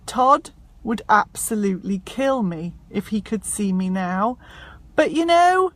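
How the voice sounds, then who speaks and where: A woman's voice: medium pitch, lively intonation, a little slow. A woman chatting casually on a live stream from inside her parked car, bubbly and self-mocking, into a propped-up phone. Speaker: self-help author and happiness coach. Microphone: phone propped up in front of her.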